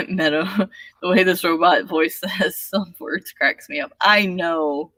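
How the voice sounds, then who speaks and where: A woman's voice: fairly low pitch, fairly bright tone. A woman hosting a casual writing livestream, chatting, laughing often and reading viewer comments aloud. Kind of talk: casual chat.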